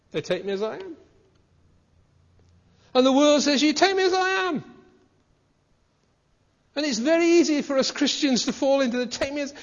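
A man preaching a sermon in a conversational way, asking his listeners questions. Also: high-pitched. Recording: dull recording with hall reverb.

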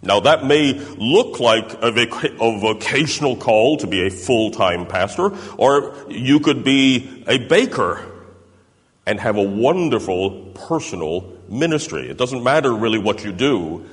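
Animated preacher man, echoing hall. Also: lowish voice, measured pace. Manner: explains with tag questions. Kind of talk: sermon. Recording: reverberant hall.

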